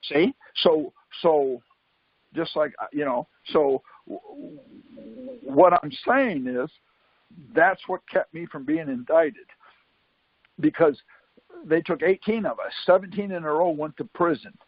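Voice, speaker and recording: Husky man telling anecdotes on a call. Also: fairly high pitch, expressive, slow pace, no echo. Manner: keeps asking "See?" while telling anecdotes. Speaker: conference call host. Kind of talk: casual storytelling on a call. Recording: dull lo-fi conference call line.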